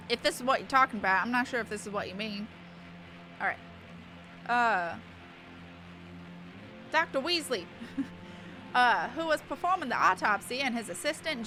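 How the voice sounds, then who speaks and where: A perky young woman persona, which a female streamer puts on for a live stream, reading aloud with a sharp, bright tone sitting a little high. She giggles her way through the text and keeps stopping to chat. Soft music plays faintly under her. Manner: giggly, often breaks off to laugh and chat.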